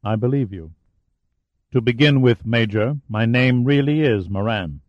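A man voicing a menacing giant man who speaks in a quiet, cold, deliberate way. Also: mid-range voice, no room sound, muffled recording, natural voice. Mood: measured.

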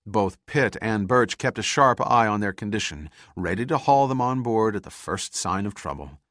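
A male audiobook narrator reading an adventure in a measured, dramatic delivery. His voice is very low and deep. The sound is dry and close, with no room around it. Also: expressive, a bit bright, dry recording. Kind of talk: scripted narration.

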